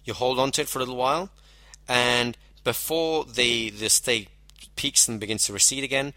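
A man gives a measured lecture on hypnosis, explaining techniques step by step and slowing down to stress key phrases. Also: mid-range voice, fairly even intonation, bright, forceful tone, no room sound. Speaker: hypnosis instructor. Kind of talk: teaching lecture.

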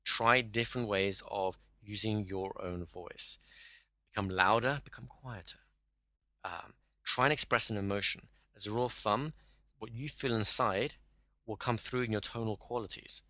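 Male voice coach on a call: lowish, bright and dry, instructive, keeps checking the listener follows. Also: normal speed, no echo.

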